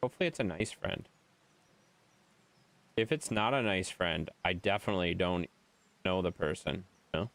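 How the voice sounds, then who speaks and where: A man's voice: sits low, normal speed, vocal fry, long pauses, fairly bright tone, dry recording. A man from Wisconsin with a Wisconsin accent, streaming a game and bantering with his chat in a playful, mock-exasperated way.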